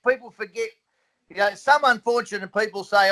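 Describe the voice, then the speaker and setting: A man's voice: high voice, a little fast, fairly bright tone, low-quality recording. A man, a boxing trainer, speaking earnestly and emphatically in a casual chat and repeating his conviction.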